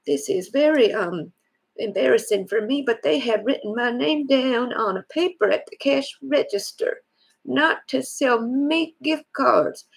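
A woman doing a creaky rambling grandma. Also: sits high, animated, unhurried, exaggerated voice, rough recording. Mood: upset. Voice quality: creaky, husky old-lady voice. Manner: rambling, stammering, fond of detail. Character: rambling lonely grandmother, old and soft-hearted. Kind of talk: scam-baiting phone prank.

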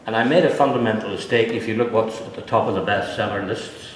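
A man's voice: lowish voice, fast talker. An older man speaks to a live audience as an author at a book launch, full of dry, self-mocking asides. He is heard in a large echoey hall that lets his voice ring on with long reverb. A faint hum of room ambience sits underneath. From Northern Ireland. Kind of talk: anecdotal talk to an audience.

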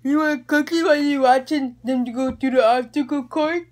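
A man's voice: very high-pitched, fairly even intonation, brisk, voice pushed up. A teenage boy voicing a chirpy, sweet old Mrs. Claus offering cookies.

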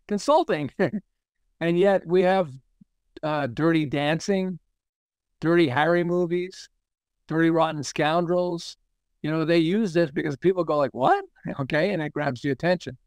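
A man's voice: a little high, darkish tone, smooth, dry recording, clean studio sound. A man, a marketing consultant, telling anecdotes in a casual interview and chuckling often.

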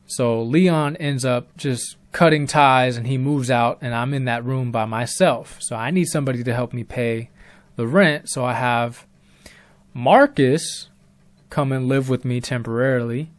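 A man's voice: mid-range voice, moderate pace, dry recording. A young man telling a true story in a laid-back, rambling way with casual slang.

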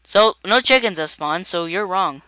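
A man's voice: high voice, animated, normal speed, background noise. A man hosting a video game session with casual, playful commentary, giggling often. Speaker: gaming video host.

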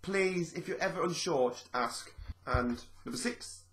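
A man talks straight to his viewers in a relaxed, explanatory vlog. His voice sits a little high for a man. He rambles, restarts and repeats himself as he works through each point. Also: unhurried. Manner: chatty and rambling, repeats phrases, acts out quoted speech. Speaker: vlogger.

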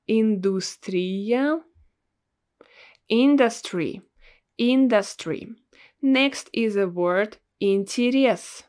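Russian-accented female tutor, young adult, unhurried, patient repeater. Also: fairly high pitch. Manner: patient, repeats each word slowly. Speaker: language teacher. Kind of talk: slow, clear language lesson.

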